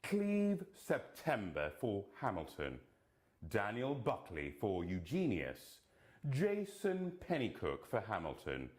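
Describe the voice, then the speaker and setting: A man announcing award nominations, reading the names deliberately and dropping playful, camp jokes between them. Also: on the low side, wildly swooping pitch, darkish tone.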